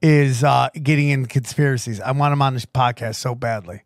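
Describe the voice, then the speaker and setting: A man hosting a podcast, telling a road story in an animated way with frequent restarts. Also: mid-range voice, brisk, no echo, studio quality. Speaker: podcast host. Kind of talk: casual storytelling chat.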